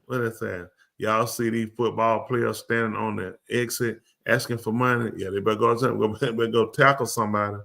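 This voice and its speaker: A man's voice: fairly low pitch, fairly even intonation, normal speed, gravelly, few pauses, fairly bright tone. A man hosting a live comedy show, riffing loosely and acting out both sides of a conversation in slang for the audience. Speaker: comedic talk show host.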